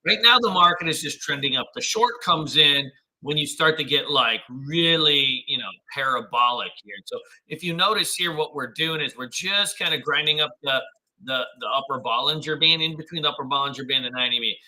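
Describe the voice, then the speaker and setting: A man's voice: on the high side, fairly quick, pushed and bright, poor audio. A man hosting a live trading stream, greeting viewers with upbeat slang and walking through charts in casual commentary.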